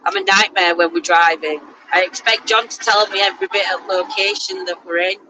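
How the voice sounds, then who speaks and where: A vlogger chats casually on a road trip, teasing herself as she talks, with car noise in the background of the moving vehicle. Her voice is lowish and steady in tone, and she speaks a little fast.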